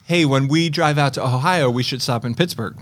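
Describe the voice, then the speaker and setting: A man co-hosting a podcast in casual chat, joking and laughing often. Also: mid-range voice. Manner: chatty and joking, quick to laugh. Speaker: podcast co-host.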